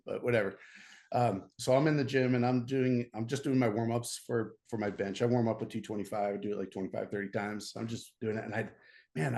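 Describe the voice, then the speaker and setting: A middle-aged American man, a podcast guest, telling a story in a casual, animated way, often laughing and restarting his sentences. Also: on the low side.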